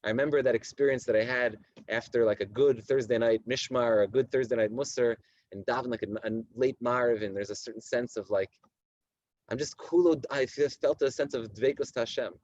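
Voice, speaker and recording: A man in his thirties, a rabbi giving a Torah lecture to his community, reading Hebrew texts slowly and explaining them in animated, repetitive English. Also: medium pitch, no room sound, muffled recording. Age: 30s. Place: community study hall at night.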